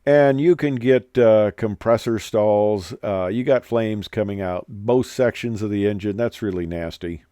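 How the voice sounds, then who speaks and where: A man's voice: on the low side, measured pace, hardly any pauses, mellow, clean tone, no room sound. A man, an airline pilot, telling an aviation story in a casual, rambling way with many hesitations.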